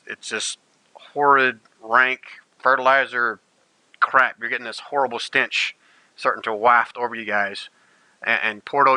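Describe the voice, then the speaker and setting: A man's voice: mid-range voice, sharp tone, no echo, poor audio. A man narrating a tabletop game as game master, rambling and playful, often restarting his sentences.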